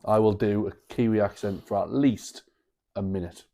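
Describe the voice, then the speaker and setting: Male podcast co-host, relaxed and profane, lowish and warm. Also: normal speed. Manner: relaxed, sweary, rambling banter. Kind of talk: casual sports chat.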